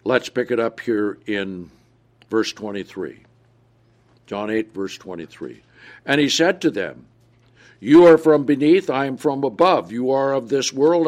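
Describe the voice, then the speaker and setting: A man preaching a sermon, asking the audience questions and answering them himself with emphasis. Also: mid-range voice.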